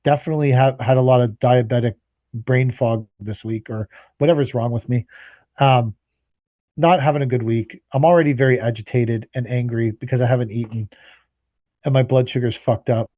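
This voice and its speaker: A man's voice: mid-range voice, steady tone, normal speed, no echo, highs cut off. A man co-hosting a casual podcast, telling an exasperated, profanity-laced story and acting out both sides of his phone calls, sounding tired. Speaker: podcast co-host, landscaping business owner.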